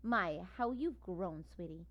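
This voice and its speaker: A woman's voice: lowish voice, animated, slow pace, muffled recording. A woman voicing a doting old female dog with a cooing, grandmotherly manner. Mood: delighted.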